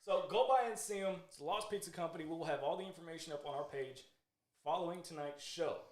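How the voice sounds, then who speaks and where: A man hosting a casual sports talk show, jokey and excitable as he reads out sponsor copy. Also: on the high side, quick pace, roomy sound.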